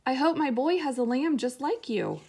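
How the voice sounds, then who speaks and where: A woman's voice: high voice, expressive, normal speed, darkish tone, slightly rough, voice pushed up, exaggerated voice. A woman voicing a nervous toy backhoe that speaks timidly, like a worried little boy.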